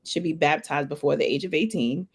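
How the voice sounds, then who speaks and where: A woman hosting a book club interview, asking long, curious questions in a relaxed, friendly way. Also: low voice, a little fast, vocal fry, husky.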